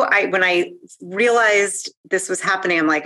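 A woman in her forties, a guest in an interview, talking in an animated, excitable way. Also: mid-range voice. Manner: animated and excitable, quick to laugh. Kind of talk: conversational interview.

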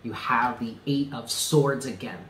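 A man giving a spoken tarot reading, earnest and emphatic, often repeating himself and dropping low on key words. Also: measured pace, fairly bright tone, echoey room, slight background noise. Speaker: tarot reader.

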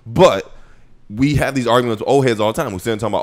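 A young man co-hosting a basketball podcast, laying out his view deliberately in a casual debate. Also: mid-range voice. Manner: deliberate, keeps saying "like I said". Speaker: podcast co-host.

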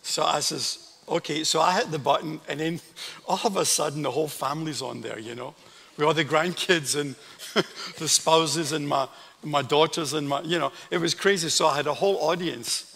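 With a fairly high, creaky voice at a moderate pace, an older man with a Scottish accent preaches as a guest pastor to a congregation in a large church. The sermon features warm storytelling and asides to the listeners, recorded with church hall reverb.

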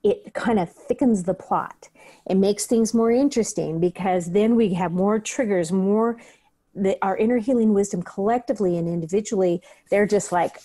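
Woman guest, breathwork teacher, earnest conversational delivery with a warm, dark tone. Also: mid-range voice, moderate pace. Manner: earnest, acts out her own inner questions. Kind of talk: conversational interview.

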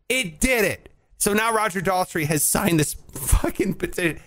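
High-pitched guy ranting on a podcast, swears a lot, really animated. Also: moderate pace. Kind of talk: casual podcast chat.

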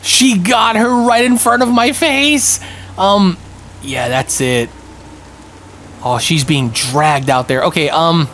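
A young man giving live commentary on a multiplayer game, excitable and panicky, yelping and throwing in a lot of slang. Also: a little high, slow pace, a little hiss or hum. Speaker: gaming streamer.

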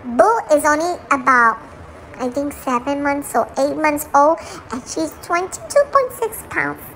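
Squeaky sassy little dog girl a woman puts on, super high, drama queen, flips into spanish, a bit of background hiss. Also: expressive, unhurried, a bit bright, heavily acted. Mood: indignant. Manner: chatty, dramatic, switches between English and Spanish.

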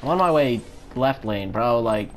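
A man giving live commentary on his own gameplay, excitable, swearing often and repeating phrases in quick bursts. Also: mid-range voice, faint music behind. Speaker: gamer. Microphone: home setup without face cam.

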